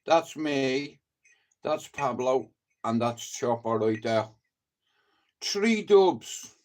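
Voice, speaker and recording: A man's voice: medium pitch, lively intonation, extremely slow. A man with a Dublin accent, rambling and swearing through a casual live-stream chat. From Ireland. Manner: rambling and heavily profane, chatty storytelling.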